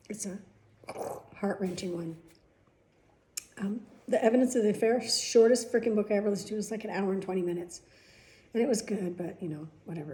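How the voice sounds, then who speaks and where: Chatty, cussing woman with a mellow voice. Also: lowish voice, a little hiss or hum. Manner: chatty, profane, rambling storyteller. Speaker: vlog host. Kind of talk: casual chat.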